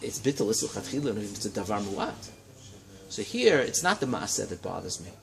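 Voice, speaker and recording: A man teaching a Talmud class in a study hall, lecturing in a lively way and checking in with his students. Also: fairly low pitch, fairly quick, creaky. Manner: animated, lively teaching with frequent check-ins and rising emphasis.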